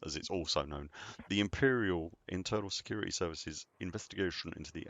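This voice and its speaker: A man's voice: deep voice, fast talker, vocal fry, a bit bright. A man casually chatting while live-streaming a game, rambling and answering viewers as he plays.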